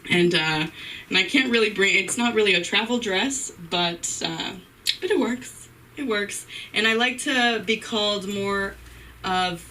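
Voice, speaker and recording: A woman doing rambling, giggly stand-up at a live open mic, with a bright, sharp voice. She sounds set back from the microphone. A faint room noise sits behind her. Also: mid-range voice, recorded from a distance, rough recording. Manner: giggly, rambling, self-deprecating. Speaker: stand-up comedian. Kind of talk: stand-up comedy. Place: live open mic night at a comedy venue.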